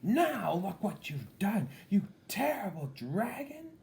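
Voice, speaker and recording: A man voicing an angry, haughty young princess in a breathy whisper, as a storybook figure. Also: sits high, big pitch swings, takes it slowly, a little mellow, voice pushed up, exaggerated voice. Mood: huffy.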